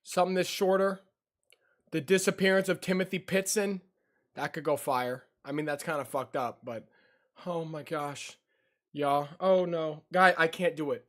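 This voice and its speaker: A man's voice: a little high, normal speed, a bit bright. A young man streaming from his computer at home, giving jumpy reaction commentary, easily startled and given to yelps and shrieks.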